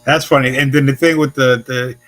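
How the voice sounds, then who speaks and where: A man's voice: medium pitch, steady tone, a little fast, a bit bright. A male talk show host chatting casually with his guest, rambling with many fillers. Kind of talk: casual interview chat.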